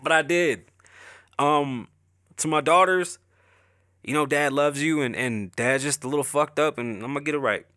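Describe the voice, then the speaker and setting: A man's voice: on the high side, moderate pace, bright, forceful tone, dry recording, studio quality. A middle-aged man hosting a podcast, talking candidly and emotionally about his family and his struggles, profane and rambling. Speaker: podcast host. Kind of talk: candid personal talk.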